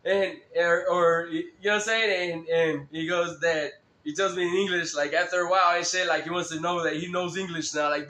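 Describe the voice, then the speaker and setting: A man's voice: high-pitched, brisk, bright, forceful tone, reverberant. A man rambling through a profane, laugh-filled story on a live stream.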